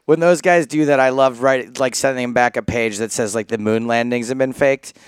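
A man's voice: mid-range voice, fairly even intonation, fairly quick, clean tone, no room sound. Joking American man, dry close sound. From United States. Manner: joking, laughs often, rambling asides. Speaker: co-host. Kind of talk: casual podcast banter.

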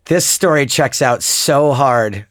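A man's voice: mid-range voice, slow, a bit bright, no echo, clean studio sound. A man co-hosting a podcast, trading jokes in casual banter. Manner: joking banter. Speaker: podcast co-host. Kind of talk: casual chat.

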